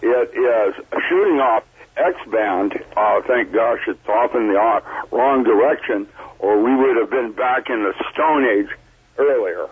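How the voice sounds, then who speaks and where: A man with a very husky, raspy voice talks bluntly as a call-in guest. His voice comes through a thin, tinny phone line from a remote location. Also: mid-range voice, a little slow. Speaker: interview guest. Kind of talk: phoned-in interview talk. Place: calling in remotely. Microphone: phone or computer line.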